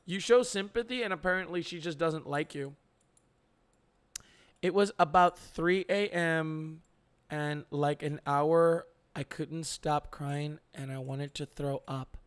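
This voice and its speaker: A young man hosting a live stream, chatting casually with viewers on a headset mic, halting with many fillers and restarts. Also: on the high side, clean tone. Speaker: streamer host.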